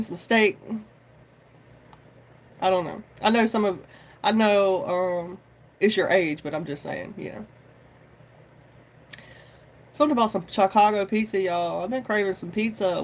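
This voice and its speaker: A live-stream tarot host in loose, casual chat. The talk rambles, swears freely and keeps calling out to viewers with y'all. The pitch sits in the middle. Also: slight background noise. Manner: chatty and informal, says y'all often.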